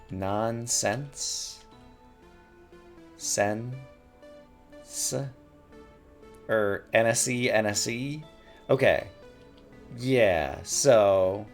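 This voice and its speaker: A man thinking aloud as he plays a word puzzle game, musing and muttering words over to himself at a desk mic. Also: on the low side. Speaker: gaming YouTuber.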